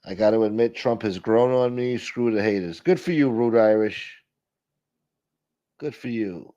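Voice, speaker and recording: A man with a low, mellow voice talks quietly and casually, answering the comments in his livestream chat as they come in. The sound is dull and lo-fi, like stream audio. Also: unhurried. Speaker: livestream host reading chat.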